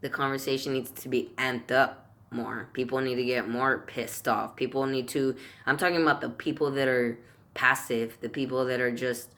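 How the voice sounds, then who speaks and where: A man's voice: mid-range voice, fairly even intonation, moderate pace, sharp tone. Fiery, foul-mouthed male vlogger ranting. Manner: heated, swears constantly, repeats himself while searching for words. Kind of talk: profane political rant to camera.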